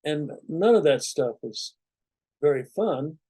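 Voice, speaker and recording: A meditation teacher gives his students a relaxed, rambling spiritual talk, conversational and full of asides. His voice is a little high, slow and slightly rough, with no echo.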